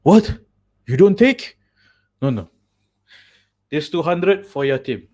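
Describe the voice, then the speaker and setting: A man's voice: mid-range voice, animated, a little slow, a little mellow, lightly acted. A man voicing a generous, insistent Arab restaurant owner with an Arabic accent, in emphatic clipped broken English.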